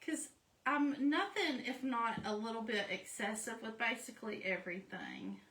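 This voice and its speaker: A craft vlogger with a higher-leaning, slightly bright voice keeps up a chatty, self-mocking running commentary while explaining her project step by step at a moderate pace. She was recorded from a distance in an echoey room, a bit off-mic.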